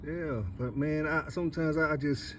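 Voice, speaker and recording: A man's voice: a little high, steady tone, normal speed, a little hiss or hum. A middle-aged man in a rambling, emotional monologue, profane and repetitive, turning tearful as he talks. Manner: rambling, repetitive, profane, full of "you see". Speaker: vlogger.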